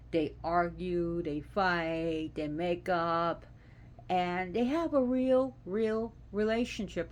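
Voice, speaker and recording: A woman hosting a casual devotional talk, speaking in an earnest, animated, conversational way. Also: lowish voice. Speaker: host.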